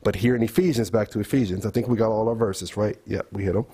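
A man's voice: fairly low pitch, steady tone, fast talker, mellow. A man leading a bible study group, thinking aloud and putting questions to the group.

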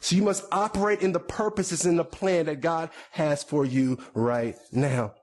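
Man in the pulpit, somewhat high voice, chatty sermon with side notes. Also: fairly even intonation, moderate pace, darkish tone. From United States. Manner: conversational preaching with repetitions and asides. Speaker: pastor.

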